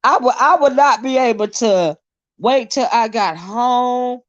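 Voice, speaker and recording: On this livestream, the host's voice sits on the high side and moves a little slowly. She reads comments from chat, gets worked up and indignant, and curses liberally; the recording is dry and sounds dull.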